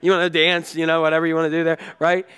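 A man preaching a sermon in a lively, conversational way, acting out quick voices and asides. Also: on the high side, clean tone. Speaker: pastor.

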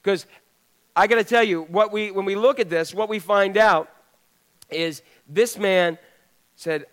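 Guy preaching a sermon, kinda high voice, chatty, throws questions at the church. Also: unhurried, pauses often, fairly bright tone. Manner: conversational preaching, asks the congregation questions. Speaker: pastor.

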